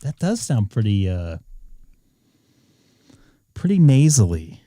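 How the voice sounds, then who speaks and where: Man, nasal, lively swooping pitch, unhurried, dark dry sound. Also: no echo. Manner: animated, mock-offended, laughing. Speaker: ham radio live stream host. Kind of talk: casual on-air chat and radio checks.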